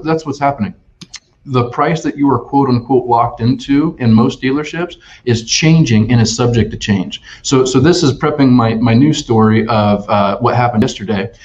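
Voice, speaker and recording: A man talking as a sales expert on a webinar, energetic and full of restarts and "right?" tags. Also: mid-range voice. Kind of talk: conversational webinar talk. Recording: dull lo-fi online webinar audio.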